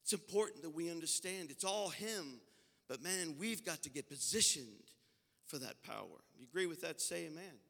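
A high, bright-toned man preaches with fervor. He shifts between folksy, conversational storytelling and loud, impassioned passages. His voice rings with the long reverb of a big church sanctuary. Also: animated, moderate pace, vocal fry. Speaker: senior pastor. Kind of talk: Pentecostal sermon.

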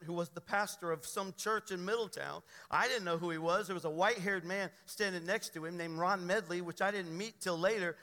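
A man's voice: sits high, pushed and bright. A man, a pastor, preaching a sermon and telling his own testimony in an earnest, emphatic storytelling manner. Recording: long hall reverb.

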